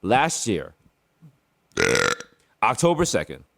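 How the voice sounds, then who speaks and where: A man co-hosting a comedy podcast from home, riffing in casual deadpan banter. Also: mid-range voice, slow pace. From the Bronx, New York. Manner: laid-back, deadpan, riffing with profanity. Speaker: podcast co-host.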